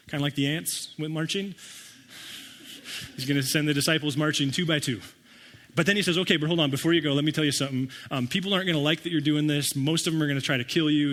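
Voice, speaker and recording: Man, pastor, conversational sermon, wry acted-out asides, slightly high voice, reverberant hall. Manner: conversational and animated, acts out listeners' reactions with wry humor. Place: church sanctuary.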